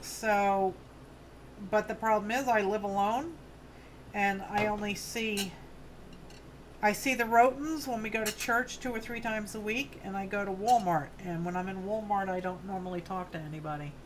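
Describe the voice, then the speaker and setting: A woman's voice: mid-range voice, normal speed, a little hiss or hum. A woman in her fifties with a New York accent, hosting a craft livestream and chatting casually with viewers while she works. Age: 50s. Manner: chatty, rambling, friendly asides to viewers. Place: home studio on a farm.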